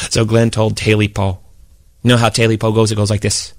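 A man storyteller narrating in a relaxed, conversational way. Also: fairly low pitch, brisk, dry recording. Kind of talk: spoken storytelling performance.

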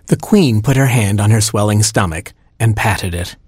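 Husky male storyteller, wry and deadpan, dry close sound. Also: fairly low pitch, moderate pace, dry recording. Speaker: narrator. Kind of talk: storybook reading aloud.

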